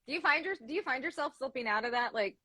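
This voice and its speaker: A woman's voice: high voice, animated, fast, bright, forceful tone, slightly rough, no room sound. A woman hosting a history podcast interview, asking follow-up questions and laughing often. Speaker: podcast host. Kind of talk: casual interview chat.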